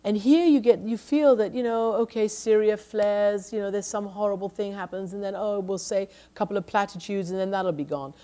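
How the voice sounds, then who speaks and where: A woman's voice: mid-range voice, fairly even intonation, fairly quick, few pauses, warm tone. A middle-aged woman journalist in an onstage conversation, talking emphatically with frequent restarts and "you know". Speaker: journalist, lecture guest.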